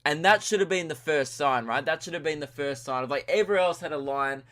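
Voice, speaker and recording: A man's voice: on the high side, fairly quick, sharp tone. An Australian man hosting a podcast, telling a rambling comic story with chuckles and self-mocking asides. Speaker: podcast host. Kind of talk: comedic storytelling monologue.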